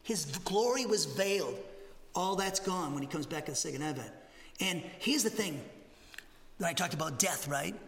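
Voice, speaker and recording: A male pastor from New teaching a Bible lesson, animated and conversational, with jokey asides and frequent "okay?". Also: fairly high pitch, moderate pace. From Massachusetts, USA. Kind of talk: expository Bible teaching sermon. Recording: roomy hall reverb.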